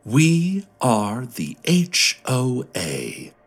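A man voicing a serene chorus of wild, long-haired beings, with a murmuring, musical tone and a slow, gentle, airy delivery. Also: mid-range voice, wildly swooping pitch, husky, pitched above the performer's own voice, full character voice.

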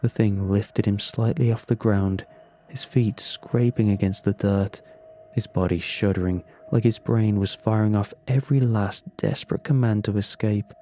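A man narrating a first-person horror story in a measured, grim manner. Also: on the low side, fairly even intonation, mellow, slight background noise. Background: faint music.

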